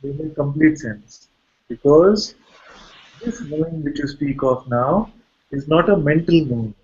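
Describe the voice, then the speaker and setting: A man with an Indian accent, a spiritual teacher giving a satsang talk in a calm, searching way. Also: fairly high pitch, unhurried, muffled recording. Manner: calm, searching explanations with soft laughs.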